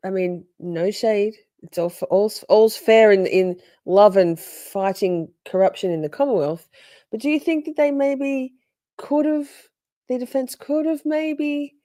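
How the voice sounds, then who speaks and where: A woman's voice: on the high side, mellow, no echo, studio quality. An Australian woman hosting a livestream, chatting casually and teasingly with her viewers. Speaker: livestream host reacting to trial footage. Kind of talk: casual live chat commentary.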